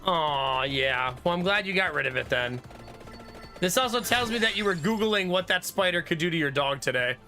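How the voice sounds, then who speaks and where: Brief: male game streamer, high bright voice, chatty and laugh-prone, faint game music underneath. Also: expressive, moderate pace. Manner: chatty, laughs often, reads out viewer comments. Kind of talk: casual live-stream chat.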